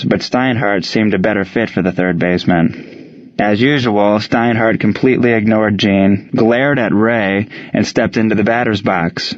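Low-voiced man narrating a story. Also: dry recording, muffled recording. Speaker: audiobook narrator. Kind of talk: scripted narration.

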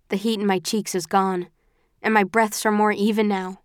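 An audiobook narrator with a medium-pitched voice reads a first-person story evenly and with measure. Her scripted narration comes through in a dry, clean studio recording.

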